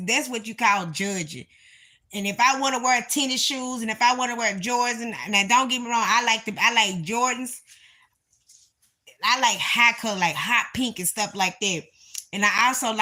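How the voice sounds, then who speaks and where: A woman hosting a casual video from her home, talking emphatically to her viewers. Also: fairly high pitch. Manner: animated, emphatic, speaks in Southern-style vernacular. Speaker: reaction video host. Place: home, indoors. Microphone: phone or camera nearby.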